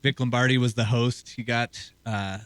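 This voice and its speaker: A man co-hosting a sports talk show as a hockey reporter, talking in a loose, rambling way with a hoarse, scratchy throat. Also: mid-range voice, steady tone, normal speed, a bit bright, no echo. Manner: loose, rambling conversational delivery.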